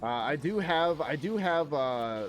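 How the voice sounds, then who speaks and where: A man's voice: fairly high pitch, expressive, a little slow, a little hiss or hum. Laid-back man streaming a game. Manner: laid-back, laughs often, swears under his breath at the game. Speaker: streamer playing a video game. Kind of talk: casual chat while gaming.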